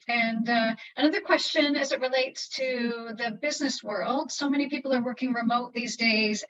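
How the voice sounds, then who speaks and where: A woman's voice: fairly high pitch, fairly bright tone, dull audio. A woman moderating a virtual Q&A, politely thanking the speaker and reading out audience questions. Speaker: event moderator.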